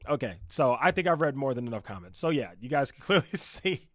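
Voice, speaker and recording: Animated mocking man, dry close mic. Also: fairly quick, no echo. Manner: animated, mocking, swings between loud outbursts and low muttering. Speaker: commentary YouTuber. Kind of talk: reaction commentary.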